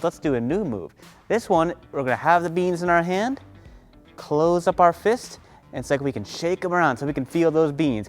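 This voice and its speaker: A woman telling a children's story and leading the listeners through movements in an encouraging way. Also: low voice. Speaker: kids' movement instructor.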